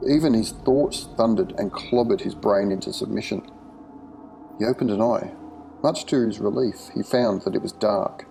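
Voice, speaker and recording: A man narrating a horror short story in a measured, vivid storytelling manner. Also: on the low side, creaky, dark tone, soft background music, poor audio.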